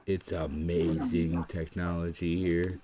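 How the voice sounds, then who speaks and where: Deep-voiced man rambling on a livestream. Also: little pitch movement, slow pace, warm tone, a little hiss or hum. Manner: rambling, narrates his own fumbling with the computer. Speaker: livestream host. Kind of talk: casual livestream chat.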